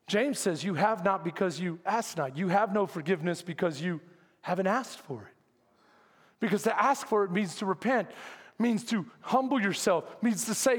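High pitched preacher guy, dramatic sermon, quiet bits then yelling, big echoey church. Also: expressive, moderate pace. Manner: dramatic, swings between hushed asides and shouted lines. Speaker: pastor.

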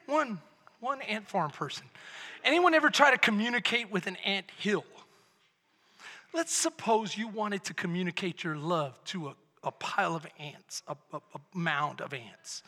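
A male pastor preaches with a very high, piercingly bright voice that carries an airy, husky edge. He tells his stories dramatically, dropping to hushed lines and rising to shouts. A long church reverb trails every word. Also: expressive, moderate pace. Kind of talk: sermon. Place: church sanctuary. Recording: long reverb of a large hall.

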